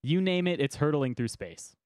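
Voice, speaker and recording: A man's voice: fairly high pitch, expressive, moderate pace, darkish tone, no echo, clean studio sound. A man hosting a casual podcast, explaining a theory at length and joking and laughing often. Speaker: podcast host presenting the topic.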